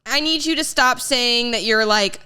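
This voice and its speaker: A woman's voice: on the high side, moderate pace, sharp tone, clear, resonant tone. A young woman co-hosting a podcast in casual, sardonic chat, swearing freely and sniffly from a cold. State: getting over a cold, sniffly. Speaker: podcast co-host, trainer.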